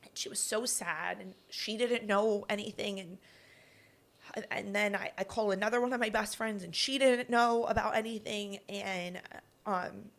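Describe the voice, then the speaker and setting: A woman's voice: medium pitch, normal speed. Young woman telling a personal story. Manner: animated, acts out quoted lines. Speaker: podcast co-host. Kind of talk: casual storytelling.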